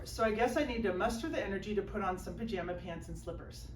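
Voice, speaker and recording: A woman's voice: mid-range voice, expressive, fast talker. A woman performing a self-mocking stand-up set at a small live comedy show, acting out her own whiny inner voice. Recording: roomy live room, mic a bit distant, faint background noise. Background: audience laughter.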